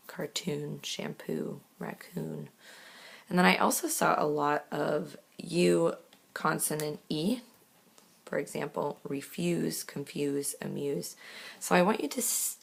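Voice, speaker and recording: A woman teacher giving a recorded lesson, reading words clearly one by one and explaining steps patiently. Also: deep voice. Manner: slow, clear word-by-word reading; patient step-by-step instruction.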